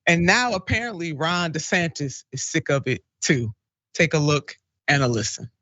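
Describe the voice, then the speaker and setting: Bright-voiced woman host, chatty and laughing. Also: low voice, normal speed, dry recording, dull audio. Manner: chatty, laughs often, reads viewer comments aloud. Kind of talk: casual live-stream commentary.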